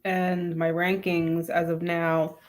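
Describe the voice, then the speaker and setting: Woman chatting easy, laughs a lot, bit low voice. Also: slow. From Louisiana. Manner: relaxed, laughs easily. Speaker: co-host, author. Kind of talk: casual chat.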